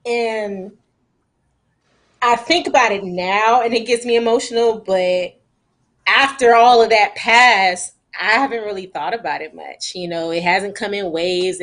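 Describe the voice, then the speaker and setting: A woman on a faith panel sharing a personal story of grief, emotional and animated, laughing at times. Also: medium pitch, normal speed.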